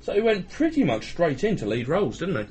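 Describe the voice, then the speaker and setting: A man's voice: a little high, wildly swooping pitch, quick pace, a crowd in the background. Guy on a podcast, bouncy voice, cracks jokes, swears a lot. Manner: joking, swears freely. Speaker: podcast co-host. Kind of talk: casual banter.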